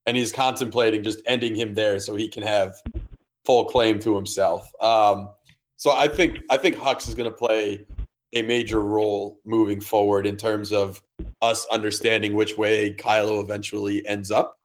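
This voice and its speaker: A man's voice: on the low side, level tone, moderate pace. A man in casual podcast chat, laid-back and rambling. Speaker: podcast guest.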